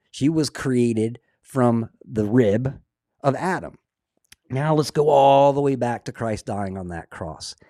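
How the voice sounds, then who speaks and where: A man hosts a casual religious talk show, preaching with earnest, excitable energy. His voice sits at an ordinary middle pitch, recorded close and dry with no room around it. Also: dry recording. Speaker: host.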